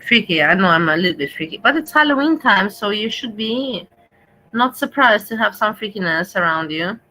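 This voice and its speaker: A woman's voice: medium pitch, expressive, normal speed, sharp tone, rough recording. A woman hosting a casual livestream, chatting affectionately and playfully with her viewers. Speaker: livestream host.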